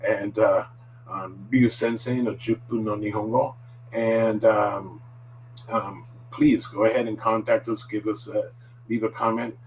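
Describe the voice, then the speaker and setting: A man's voice: lowish voice, level tone, unhurried. Chatty man teaching on a live stream. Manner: rambling, filler-heavy, chatty. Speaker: Japanese language teacher. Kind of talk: casual live-stream lesson. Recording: distant mic with faint hum.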